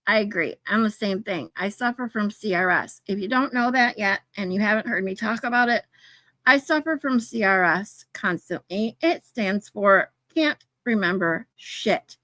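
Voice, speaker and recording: A woman's voice: medium pitch, lively intonation, normal speed, a bit bright, no room sound. A woman hosting a casual livestream, chatting with viewers, swearing casually and laughing often. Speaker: livestream host. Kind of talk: casual livestream chat, reading chat.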